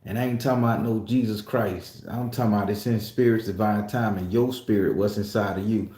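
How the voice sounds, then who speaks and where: A man's voice: fairly low pitch, fairly even intonation, fairly quick, mellow. A man at a tattoo shop telling an emotional personal story in a profane, emphatic way. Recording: echoey room.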